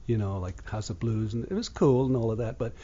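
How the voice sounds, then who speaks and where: A husky-voiced older man from England rambles bluntly through his radio show, swearing freely and with no polish. The recording sounds dull and lo-fi, like old radio. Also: mid-range voice, a little fast, mellow. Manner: profane, gruff and blunt.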